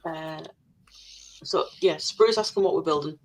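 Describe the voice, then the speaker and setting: A woman's voice: low-pitched, a little slow, a little mellow, a little hiss or hum. A woman co-hosting a casual livestream, reading viewers' comments aloud in a blunt, sweary way.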